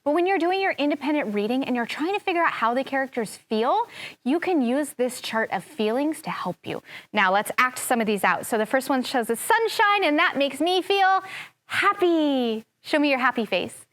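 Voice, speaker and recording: Animated woman teaching kindergarten. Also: high-pitched, a little fast. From US Pacific Northwest. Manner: animated, expressive, acts out feelings. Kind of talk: lesson for young children.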